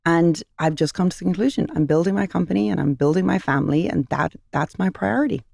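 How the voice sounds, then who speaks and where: A woman's voice: fairly low pitch, fast, creaky, a little mellow, no room sound, studio quality. A middle-aged woman, a company founder and guest, telling personal stories in a heartfelt, earnest way on a podcast, sometimes repeating phrases for emphasis. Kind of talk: podcast interview, personal storytelling.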